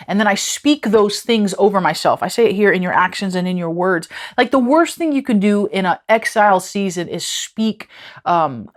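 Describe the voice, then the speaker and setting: Earnest woman giving a devotional talk. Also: fairly low pitch. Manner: earnest, conversational, repeats phrases for emphasis. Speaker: devotional teacher. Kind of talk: devotional teaching.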